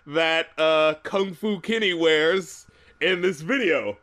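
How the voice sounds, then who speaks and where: A man's voice: a little high, takes it slowly, fairly bright tone. A man hosting a podcast in casual chat, often laughing and acting out quotes. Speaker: podcast host.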